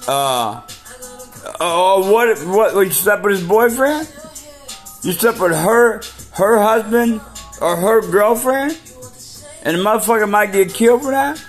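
A man's voice: high-pitched, animated, measured pace, soft background music. A man delivering a profane, preachy rant full of rhetorical questions. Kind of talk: ranting monologue.

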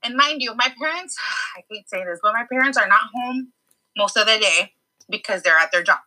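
A young woman co-hosting a casual podcast, telling an animated story and slipping Spanish phrases into her English. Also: fairly high pitch, brisk, poor audio. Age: young adult. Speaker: podcast co-host.

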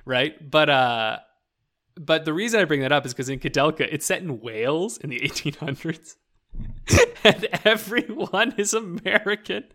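A man's voice: a little high, lively intonation, moderate pace, sharp tone. A young man chatting casually as a podcast co-host, rambling with lots of "like" fillers. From rural Canada. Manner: rambling, full of "like" fillers, laughs often. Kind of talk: casual chat about video games.

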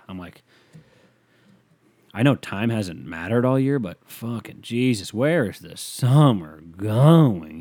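A young man rambles through his solo podcast in a low voice, swearing freely and trailing off into mumbled asides. His delivery is loose and deadpan. The sound is dry and close, with no room around it. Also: fairly quick, dry recording. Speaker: podcast host. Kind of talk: casual solo podcast rant.

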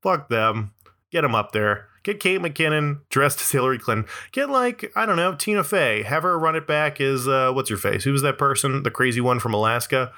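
A man's voice: medium pitch, lively intonation, normal speed, pushed and bright. A man giving a rambling, profane comedic monologue, peppered with "like" and "uh" and frequent laughs.

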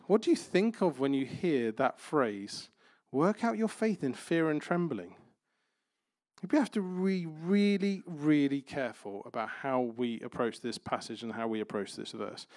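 A man's voice: medium pitch, darkish tone, no echo, studio quality. Man preaching a conversational sermon. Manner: conversational preaching with playful everyday examples. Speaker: pastor.

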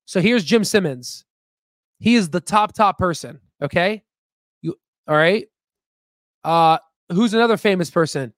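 Male investing host with a higher-than-usual pitch, dry sound; emphatic, rambling, self-promoting commentary. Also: animated, moderate pace, long pauses, dry recording. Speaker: stock market video host. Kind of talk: casual screen-share commentary.

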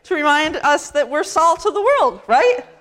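Chatty woman priest, slightly high voice. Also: big pitch swings, moderate pace, a bit bright. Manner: chatty, self-deprecating, laughs often. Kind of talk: conversational sermon.

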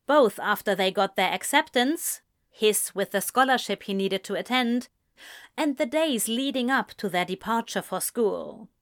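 A woman reading a story aloud in measured, gentle scripted narration. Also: mid-range voice. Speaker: audiobook reader.

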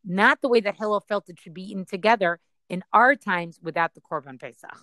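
A woman's voice: mid-range voice, brisk, sharp tone, no room sound. Give me a woman teaching a Talmud passage in a dry, close-miked sound. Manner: reads the text aloud, then explains it, often checking in with "right?". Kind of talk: reading and explaining a Talmud passage.

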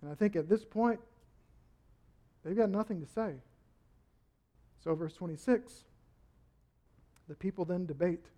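A male pastor preaching a sermon, acting out quotes and building to shouts. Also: high voice, measured pace, long pauses. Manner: animated, acts out quotes with rising shouts.

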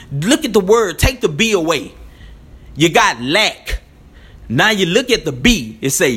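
A man's voice: high voice, pushed and bright. A man hosts his own commentary channel. His talk is loose and conversational. He laughs often and keeps checking in with "you know what I'm saying". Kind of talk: casual spoken commentary.

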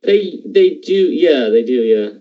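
A man's voice: medium pitch, very animated, measured pace. A man in casual podcast chat who banters and teases dryly. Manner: dry, teasing banter. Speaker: podcast co-host. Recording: dull lo-fi sound.

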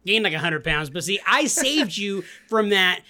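Male co-host with a high, bright voice, joking and teasing. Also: very animated, moderate pace. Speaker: podcast co-host. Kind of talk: casual chat.

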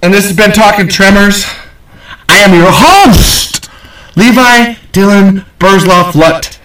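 Male podcast host, high voice, excited and nervous, rambles and swears; roomy, slightly distant recording. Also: slow pace. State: nervous and sweating. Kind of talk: rambling casual podcast sign-off.

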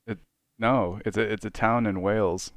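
A man's voice: fairly low pitch, fairly even intonation, normal speed, no echo. A man co-hosting a casual podcast, curious and full of questions, laughing along. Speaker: podcast co-host.

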